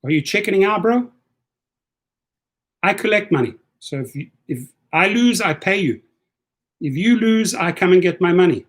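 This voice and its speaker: A man hosting a casual livestream, talking in a high register. He taunts and goads in a combative, repetitive way. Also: expressive, normal speed, long pauses. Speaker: livestream host.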